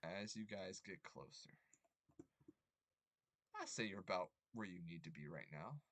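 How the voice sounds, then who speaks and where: A young man running a tabletop game as game master, rambling with many ums and quick apologies. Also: low-pitched, fairly bright tone.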